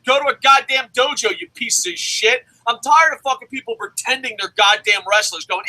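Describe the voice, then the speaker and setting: A man co-hosting a wrestling review show, ranting loudly and cursing as he argues his point. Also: very high-pitched, animated, moderate pace, hardly any pauses, poor audio. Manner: profane, shouting, ranting. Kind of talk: heated opinion rant.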